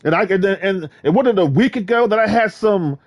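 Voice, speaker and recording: Animated trash-talking man from Virginia. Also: high voice, normal speed. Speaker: gaming vlogger. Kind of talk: casual ranting monologue.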